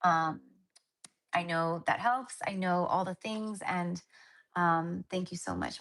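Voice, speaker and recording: A woman's voice: lowish voice, very animated, measured pace, a bit bright. A woman chats her way through a spiritual healing livestream. She rambles, restarts her sentences and leans on fillers, and she keeps calling her viewers honey and my love. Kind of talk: casual livestream chat to viewers.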